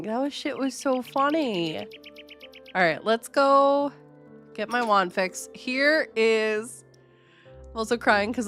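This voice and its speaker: A young woman streamer with a high voice chats in an unhurried drawl, dissolving into giggles again and again and cursing freely. Soft game music plays faintly behind her. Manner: giggly, laughs constantly, swears freely. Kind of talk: casual live-stream chat while gaming.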